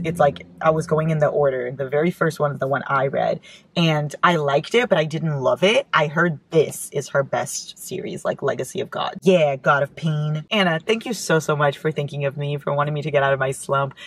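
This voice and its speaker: Excitable woman in her car gushing over books, squeals a lot. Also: deep voice. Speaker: book vlogger opening fan mail. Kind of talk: casual chat. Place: inside a parked car.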